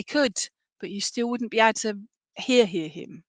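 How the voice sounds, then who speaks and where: A woman's voice: fairly high pitch, unhurried, fairly bright tone, dry recording. A woman medium giving clairvoyant readings in an online service, chatty and affectionate, often checking in with "all right?". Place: home, by herself.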